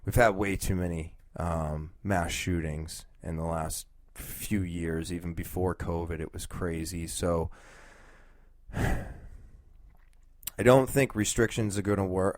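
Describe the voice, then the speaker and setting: A young man talks alone on his podcast, thinking aloud and circling his point with ums and restarts. His voice sits on the low side. The sound is dry and close, with no room around it. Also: fairly even intonation, slow pace, darkish tone, dry recording. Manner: rambling, thinking aloud with fillers. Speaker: podcast host. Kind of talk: casual solo talk.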